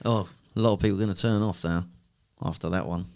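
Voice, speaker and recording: A British man chatting casually as a podcast co-host, jokey and quick with wisecracks. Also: deep voice, fairly even intonation, vocal fry, a little mellow. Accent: British English. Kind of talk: casual chat.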